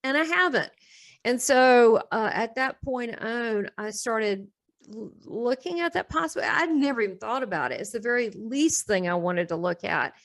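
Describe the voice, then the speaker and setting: A woman's voice: fairly high pitch, lively intonation, normal speed. Middle-aged woman telling her story candidly. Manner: rambling, restarts often, laughs between thoughts. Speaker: interview guest.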